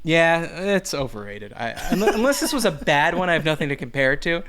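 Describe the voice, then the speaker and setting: A man co-hosting a podcast, telling a story in a casual chat with an exasperated, animated manner. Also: fairly high pitch, fairly quick. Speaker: podcast co-host.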